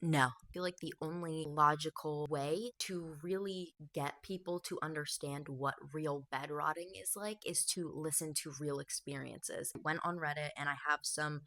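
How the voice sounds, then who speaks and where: A woman giving personal commentary to camera, speaking slowly and haltingly, soft and emotional. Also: deep voice, fairly even intonation. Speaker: video essay creator.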